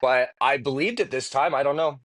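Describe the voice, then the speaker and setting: A man talking loosely on a podcast, piling up fillers and restarting his sentences. His pitch sits in the middle for a man. He swears casually as he goes. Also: brisk. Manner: rambling, lots of filler and restarts. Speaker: podcast co-host. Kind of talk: casual chat.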